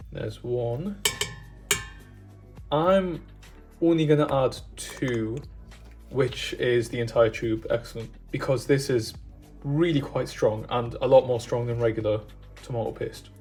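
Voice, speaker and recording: A man's voice: mid-range voice, slow pace, pauses often, a little mellow, faint music behind. A man chatting casually and enthusiastically as he cooks, wandering off on tangents. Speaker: cooking vlogger. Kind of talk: casual cooking chat.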